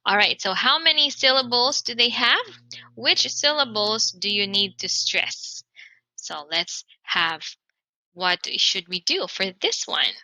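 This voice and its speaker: A woman with a very bright, crisp voice, fairly high in pitch and with lively intonation, teaches an online English pronunciation lesson. She is clear and encouraging, slowly repeating the example words. The recording is close and dry, with no room echo.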